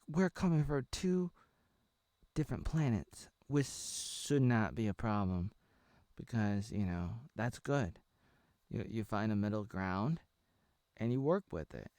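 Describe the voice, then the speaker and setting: Guy doing an exasperated older dude pleading, loud. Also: fairly low pitch, no room sound, clean studio sound.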